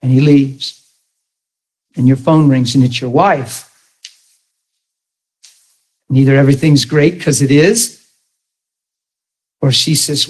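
A man's voice: mid-range voice, unhurried, pauses often, poor audio. A man preaching a sermon, telling stories with acted-out quotes and laughing along with his audience. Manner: animated storytelling with acted quotes.

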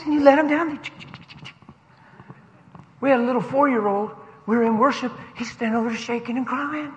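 A pastor giving an animated, emotional sermon that he breaks off to greet friends, recorded in a church sanctuary with a long reverb. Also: extremely high pitch, brisk, long pauses, muffled recording. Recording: long reverb of a large hall.

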